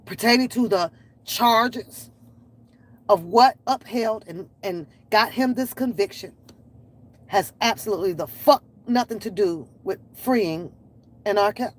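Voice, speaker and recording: At an unhurried pace and medium pitch, a woman rants on her reaction channel with blunt, exasperated, profane commentary. The unscripted clip has a rough recording quality and faint background noise.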